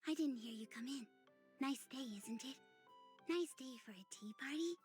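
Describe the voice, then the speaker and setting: A woman voicing an odd, whimsical young woman hosting a tea party, rambling dreamily with sudden leaps in pitch. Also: normal speed, a little mellow, soft background music, natural voice.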